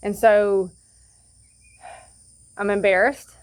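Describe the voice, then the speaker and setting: Speaking extremely slowly in a steady, medium-pitched voice, a woman offers a casual personal testimony at an outdoor campsite. She rambles, often using fillers and restarting her sentences.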